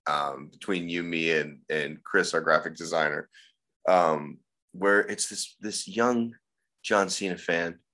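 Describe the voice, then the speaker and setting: A man's voice: deep voice, steady tone, slow, bright, forceful tone. A man co-hosting a podcast, telling stories with sarcasm and profanity. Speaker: podcast co-host. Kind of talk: casual wrestling podcast chat.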